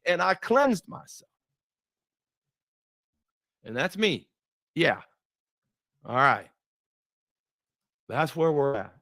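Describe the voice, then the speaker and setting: A man's voice: fairly high pitch, big pitch swings, very slow, creaky, pauses often, a bit bright, no room sound. A middle-aged man giving a faith-based motivational talk, emphatic and repetitive with a preacher-like cadence. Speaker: motivational speaker.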